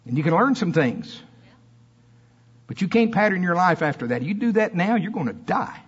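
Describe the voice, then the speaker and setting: A man delivers a sermon in church, his husky, slightly high voice swinging between fiery emphasis and quiet asides. The recording is dull and lo-fi. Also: sing-song, moderate pace. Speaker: preacher.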